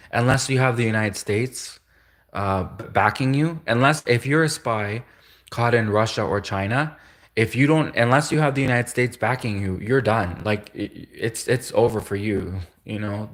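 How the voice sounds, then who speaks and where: Man, livestream host, lower voice; loose rambling monologue with frequent chuckles and restarts. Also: normal speed, fairly bright tone. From Canada. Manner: chuckles often, stumbles and restarts.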